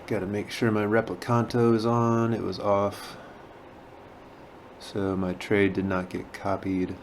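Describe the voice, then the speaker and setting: Sleepy-sounding man with a low, flat voice. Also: measured pace, a little hiss or hum. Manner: sleepy, low-key, just woke up. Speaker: day trader. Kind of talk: casual trading commentary and voice-over.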